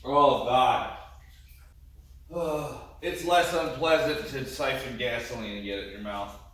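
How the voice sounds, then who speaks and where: A man's voice: medium pitch, steady tone, moderate pace. Queasy groaning man in an echoey room. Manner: groaning and rambling. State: nauseous, queasy. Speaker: car-build vlogger. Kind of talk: casual vlog talk to camera. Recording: echoey room, far from the mic, faint noise.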